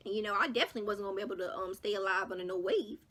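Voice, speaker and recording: A young woman vlogger telling a personal story to her viewers in casual, slangy talk, animated and dramatic, with big jumps in pitch and loudness. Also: rapid-fire. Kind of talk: storytime vlog.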